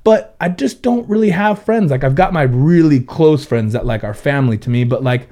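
His voice is on the high side yet dark in tone, expressive, and moderately paced. He's a Southern Californian in his thirties from Ventura County who owns a car audio shop, casually telling frank, profane podcast stories with quoted back-and-forth.

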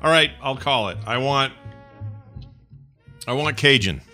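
A man's voice: mid-range voice, a little slow, sharp tone, soft background music. A middle-aged man co-hosting a podcast in casual chat, joking and rambling, with mock rants. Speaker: podcast co-host.

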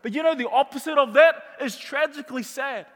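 Preaching in a large, echoing hall, a middle-aged man speaks a little fast in a very high-pitched voice. His sermon mixes warm stories with emphatic repetition of his points.

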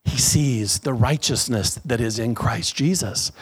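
A middle-aged man preaching a lively sermon in a church, drawing call-and-response from the congregation. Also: mid-range voice, a little slow, husky. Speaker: pastor.

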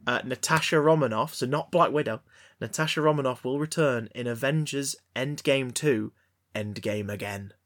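A man co-hosting a casual film podcast, rambling with stammered restarts and deadpan jokes. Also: mid-range voice, moderate pace. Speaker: podcast co-host. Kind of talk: casual banter about films.

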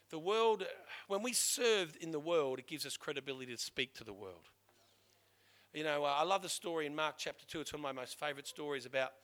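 A middle-aged pastor delivers a sermon with real fervour. His voice sits high and rings bright. He urges his listeners loudly, then drops to a hushed, earnest tone to drive a point home. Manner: impassioned, shifting from loud urging to hushed emphasis.

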